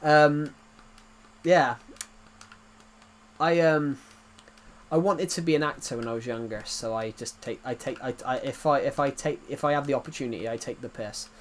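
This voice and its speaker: A man's voice: medium pitch, normal speed, pauses often, a little hiss or hum. A man chatting casually while streaming a game, telling rambling anecdotes and laughing at his own jokes.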